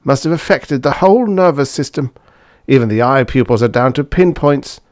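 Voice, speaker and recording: Clinical male doctor in an old-style sci-fi audiobook, higher pitched and clipped, read by a man, dry sound. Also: expressive, normal speed, no room sound, lightly acted.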